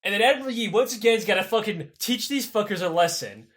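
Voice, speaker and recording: A man's voice: sits high, animated, fast, fairly bright tone. A man co-hosting a podcast, retelling history in an irreverent, profane and rambling comedic way. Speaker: podcast co-host.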